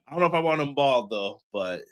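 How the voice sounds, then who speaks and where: A young man co-hosting a casual wrestling show review, slangy and animated, laughing often. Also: medium pitch, quick pace. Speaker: podcast co-host.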